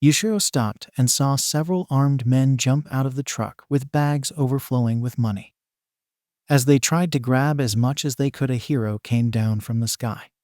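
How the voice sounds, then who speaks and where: A man narrating a fan-fiction story in an even, steady storytelling read. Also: mid-range voice, moderate pace, no room sound, studio quality.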